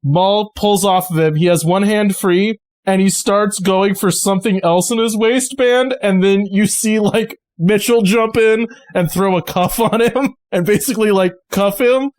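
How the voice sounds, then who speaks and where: A man's voice: high-pitched, a little slow, few pauses, a little mellow. Chatty man running a tabletop game. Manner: loose, chatty, laughing, many fillers. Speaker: game master.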